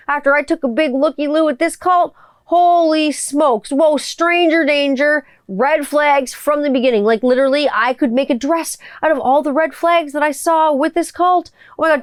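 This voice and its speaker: A woman chats through her solo podcast in a rambling, playful way, full of fillers and asides. Her voice sits a little high and sounds smooth and clear. It is recorded dry on a close mic. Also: dry recording. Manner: chatty, rambling, playful, frequent fillers and laughs. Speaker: podcast host. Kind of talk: casual solo podcast chat.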